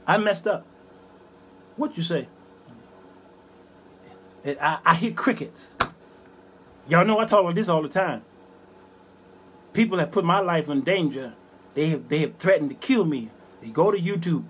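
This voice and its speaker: A man hosting his own show, preaching with fire between quiet, muttered asides as he reads viewer comments. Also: expressive, moderate pace, long pauses, a little hiss or hum. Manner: swings from loud preaching to low muttering asides; folksy, emphatic, repeats phrases. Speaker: host and preacher. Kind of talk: fiery livestream preaching, reading viewer comments.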